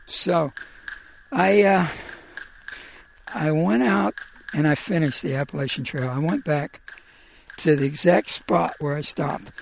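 A middle-aged man telling his own personal story in a halting, emotional way, with many pauses and fillers. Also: fairly high pitch, creaky, a little hiss or hum.

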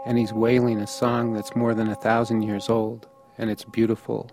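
A man's voice: on the low side, completely flat delivery, normal speed, over music. A man from the United States narrating a first-person story in a matter-of-fact, observational way.

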